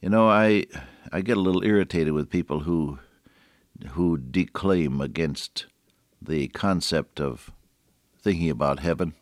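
A man preaching a sermon in an earnest way, slowing down and stressing key words. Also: sits low, no room sound, clean studio sound.

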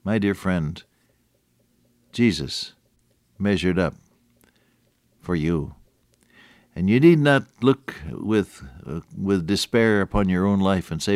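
Male radio preacher, deep voice, dry close mic, storytelling sermon with emphatic build-ups. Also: lively intonation, slow pace, long pauses, darkish tone, no room sound. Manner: earnest, rises to emphatic peaks; conversational, with chuckles and restarts.

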